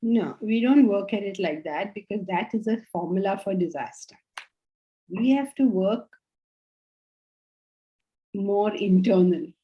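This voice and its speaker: A woman's voice: medium pitch, expressive, measured pace, pauses often, highs cut off. A woman teaching a spiritual class, explaining patiently and often checking that students follow. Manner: explanatory, checks understanding with questions. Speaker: Vedanta teacher.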